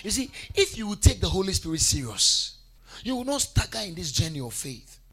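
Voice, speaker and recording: Husky guy preaching hard, high voice that jumps all over, soft music under it. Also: very animated, a little fast. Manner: emphatic, rises to fervent shouts and drops low. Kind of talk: sermon with congregation call-and-response.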